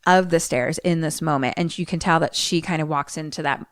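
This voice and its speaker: A woman's voice: low voice, a little fast, dry recording, clean studio sound. A woman co-hosting a podcast, casually retelling a movie scene and acting out its characters. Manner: animated storyteller, acts out characters. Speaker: podcast co-host.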